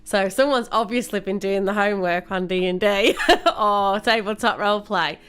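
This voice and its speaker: A woman's voice: mid-range voice, moderate pace, fairly bright tone, smooth. Chatty woman co-hosting a show. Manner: chatty, rambling with restarts and laughter. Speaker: co-host. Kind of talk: casual radio chat.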